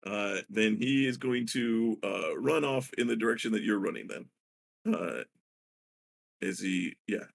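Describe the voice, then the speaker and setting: A man narrating as dungeon master of a tabletop game, halting with many filler pauses. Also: fairly low pitch, creaky.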